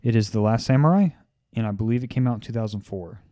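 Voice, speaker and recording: A man co-hosting a podcast in casual chat, in a laid-back, low-key way. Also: fast, dark tone, no room sound, studio quality. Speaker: podcast co-host.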